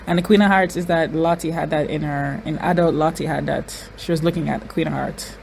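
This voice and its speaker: A reaction video host giving casual commentary, excitable, reacting to the screen and repeating words for emphasis. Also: medium pitch, brisk, gravelly, slight background noise, poor audio.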